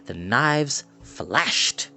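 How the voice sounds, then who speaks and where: Slow, expressive male storyteller. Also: mid-range voice, vocal fry, faint music behind. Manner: expressive, dramatic. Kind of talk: reading a book aloud.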